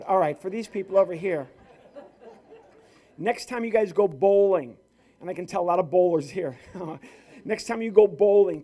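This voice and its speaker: A male comedian and ventriloquist doing live stand-up with crowd work on stage at a corporate event, telling stories in a lively, playful way. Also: high voice.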